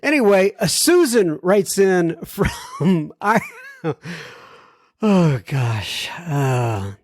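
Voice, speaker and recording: A man's voice: sits high, sing-song, very slow, no room sound, clean studio sound. An American man hosting a podcast, reading listener letters in a casual, rambling way that keeps drifting into apologetic tangents. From United States. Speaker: podcast host.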